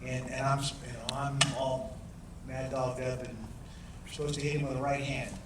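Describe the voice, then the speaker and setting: A man's voice: mid-range voice, little pitch movement, moderate pace, background noise. Easygoing man, far off in an echoey hall. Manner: easygoing, laughs while telling stories. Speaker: guest at a premiere Q&A, former fighter. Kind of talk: casual storytelling in a Q&A. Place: large cinema hall with audience.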